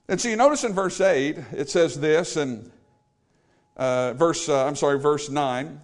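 Male pastor, animated sermon delivery, voice sits a bit high. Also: moderate pace. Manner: emphatic, animated, paraphrasing scripture with acted quotes.

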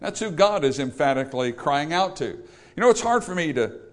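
Guy preaching in church, bit high pitched, fervent, keeps asking doesn't he. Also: animated, normal speed. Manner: emphatic preaching with rhetorical questions to the congregation. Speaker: pastor. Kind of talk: sermon. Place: church service.

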